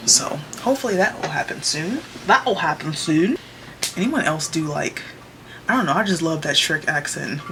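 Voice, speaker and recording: A woman's voice: deep voice, creaky, noisy background. A young woman in casual vlog chat from her small bedroom office, upbeat and chatty, saying y'all, recorded on a camera mic. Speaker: vlogger. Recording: music playing underneath.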